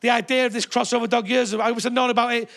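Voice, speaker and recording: A man's voice: extremely high pitch, steady tone, rapid-fire, creaky. A middle-aged man doing a brash, sweary stand-up routine, telling stories to a live theatre audience. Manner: brash, sweary storytelling with shouted put-on voices. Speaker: stand-up comedian.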